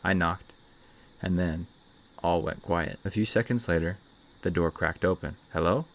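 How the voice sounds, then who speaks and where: A man with a very deep, low voice reads a scary story aloud. His narration is measured and steady, as a channel host delivering a scripted tale.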